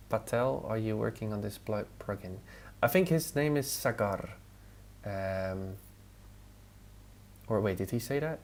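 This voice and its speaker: Low-voiced man thinking aloud on stream. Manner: muttering to himself, answering chat between tasks. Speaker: live streamer testing design software. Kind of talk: casual live stream, thinking aloud while working. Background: relaxed music playlist.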